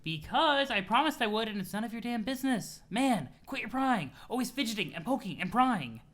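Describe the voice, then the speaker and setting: A woman's voice: on the high side, lively intonation, brisk, fairly bright tone, pitched above the performer's own voice. A man voicing a cocky, scheming teenage troll girl who talks in a smug and bossy way.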